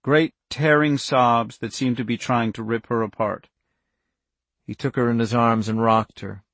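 An audiobook narrator with a mid-range voice reads a novel aloud in a steady, measured storytelling style. There is no echo.

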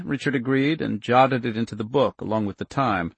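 A man narrating an audiobook in a steady, measured way on a close mic. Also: mid-range voice, creaky, breathy edge, no room sound.

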